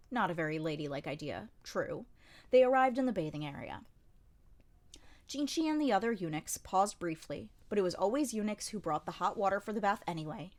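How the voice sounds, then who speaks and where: Woman reader, audiobook narration, dry and wry, mid pitch. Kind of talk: scripted narration.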